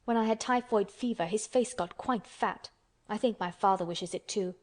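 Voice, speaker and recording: A woman's voice: mid-range voice, normal speed, darkish tone, natural voice. A woman voicing a sickly, peevish young boy who speaks restlessly and resentfully.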